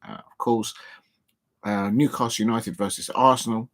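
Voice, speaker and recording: A man's voice: fairly low pitch, steady tone, moderate pace. Chatty male football streamer, rambling. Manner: rambling, many ums and restarts, chatty asides to viewers. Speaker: football live stream host. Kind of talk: casual live-stream football chat. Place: home, seated at a table.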